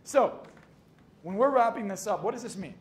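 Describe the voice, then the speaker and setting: A man's voice: sits high, expressive, moderate pace. A young man, a hypnotist and coach, giving a motivational talk, swearing casually and acting out his own stories. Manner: swearing, jokey, acts out dialogue. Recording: echoey room with faint noise.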